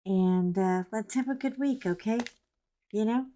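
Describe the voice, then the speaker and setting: A woman's voice: medium pitch, unhurried, warm tone. A middle-aged woman chatting casually while she colors, rambling with joking asides. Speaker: coloring vlogger.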